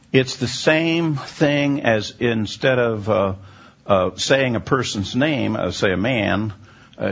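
A man with a low, gravelly, husky voice that's also a bit bright teaches the Bible in a question-and-answer format. He explains patiently and without hurry, frequently pausing on "uh" as he searches for words, and the recording sounds dull and lo-fi.

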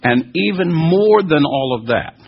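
A man's voice: fairly high pitch, lively intonation, a little slow, gravelly, husky. A man teaching scripture and answering listeners' questions, earnest and emphatic, with many fillers and restarts. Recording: dull lo-fi recording.

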